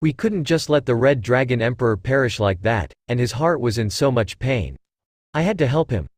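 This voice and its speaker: A man voicing a gentle, kindly female angel who speaks pleasantly. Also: medium pitch, sing-song, moderate pace, dry recording, clean studio sound. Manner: pleasant, soft-spoken.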